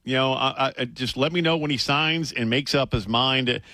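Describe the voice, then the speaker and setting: A man's voice: medium pitch, normal speed, bright, forceful tone, dry recording. A man co-hosting a sports talk radio show, blunt and opinionated. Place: radio studio.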